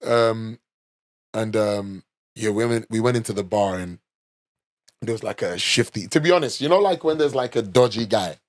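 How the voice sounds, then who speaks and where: London podcast host, young man, casual profane storyteller, low voice, dry close mic. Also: moderate pace, no room sound. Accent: London English. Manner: loose and swearing, full of "like" and "you know".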